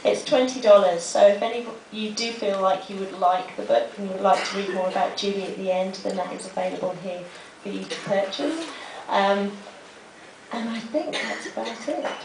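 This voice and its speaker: A woman's voice: medium pitch, normal speed, gravelly, noisy background. A woman hosting an event, casually introducing the guest speaker to a live audience. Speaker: event host. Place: public library hall. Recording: echoey room, distant mic.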